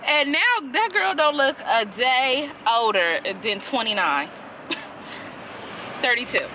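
A young woman vlogger rants about a TV episode in a blunt, profane and animated way. Her voice sits high. Loud traffic noise carries behind her as she talks from a car. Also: slow pace, rough recording. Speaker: TV review vlogger. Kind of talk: casual ranting review.

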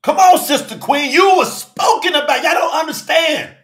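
A man preaching a fiery sermon in African American speech, shouting and calling out listeners by name. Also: very high-pitched, normal speed, reverberant. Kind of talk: fiery sermon on a live stream.

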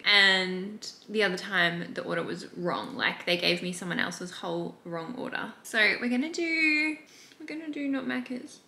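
A woman's voice: medium pitch, gravelly, bright, forceful tone. A young Australian woman talking frankly and casually to camera in a vlog, swearing freely. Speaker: vlogger.

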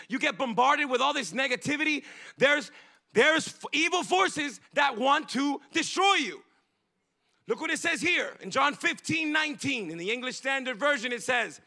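A male pastor delivering a fervent, emphatic sermon that rises into bursts of shouting. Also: very high voice, gravelly. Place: church.

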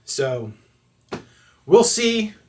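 A man's voice: high voice, big pitch swings, very slow. A man in his forties casually reviewing gear, rambling and correcting himself, recorded at a table in a room at home through a camera-mounted shotgun mic. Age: 40s. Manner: rambling, self-correcting, chatty.

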